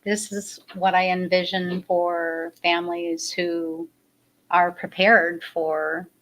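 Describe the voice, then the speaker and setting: A woman's voice: on the low side, flat delivery, slow, fairly bright tone, a little hiss or hum, low-quality recording. A woman hosting a casual interview, chatty and reflective, filling her talk with "like" and "you know". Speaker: talk show host.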